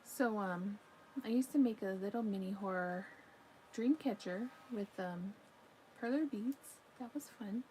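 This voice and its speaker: Chatty woman with a mellow voice. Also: mid-range voice, a little slow, slight background noise, rough recording. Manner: chatty, yawning, talks to her pet between comments. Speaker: livestream crochet crafter. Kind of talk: casual live-stream chat reading comments. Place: home.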